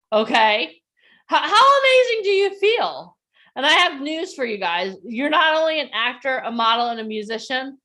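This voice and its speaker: A woman coaching participants on a video call, leading a guided breathing exercise and then a motivational talk, speaking calmly and softly at first. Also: fairly high pitch. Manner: calm and soft in the breathing part. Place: outdoors or near the street in a neighborhood.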